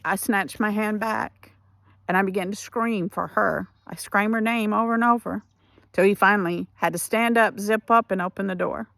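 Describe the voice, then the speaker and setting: A woman's voice: medium pitch, fairly even intonation, gravelly, a bit bright, dry recording. Dry, close woman telling a painful testimony. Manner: emotional, halting storytelling with restarts. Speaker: ministry speaker. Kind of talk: personal testimony.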